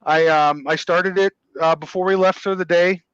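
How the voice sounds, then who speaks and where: A man's voice: high voice, steady tone, moderate pace, fairly bright tone, clean tone, no echo, muffled recording. A man who works as a craftsman, talking as a guest and plainly explaining how he makes his work. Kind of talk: casual explanation.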